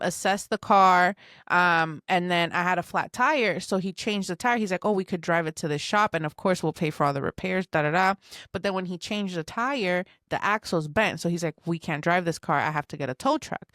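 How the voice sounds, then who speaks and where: A woman's voice: lowish voice, normal speed, a bit bright, no echo, studio quality. A woman co-hosting a podcast, telling a story with emphasis and acting out the dialogue. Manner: emphatic, acts out quoted dialogue. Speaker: podcast co-host. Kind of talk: casual storytelling chat.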